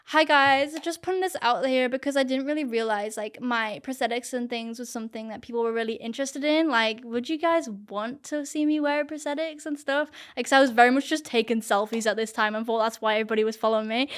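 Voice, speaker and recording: A young woman appears as an interview guest, talking casually to camera in a chatty, earnest way and saying "like" a lot. Her voice is on the high side, smooth, and fairly quick.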